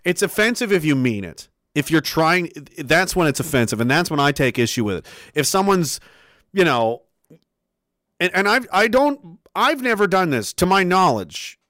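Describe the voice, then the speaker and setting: A man's voice: a little high, very animated, normal speed, fairly bright tone, no echo, clean studio sound. A man in his thirties talking in a loose, profane, rambling monologue, laughing often and restarting his sentences as a host. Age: 30s.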